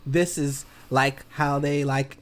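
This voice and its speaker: A man co-hosting a podcast, telling a lively anecdote in casual chat. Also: mid-range voice, slow. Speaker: podcast co-host.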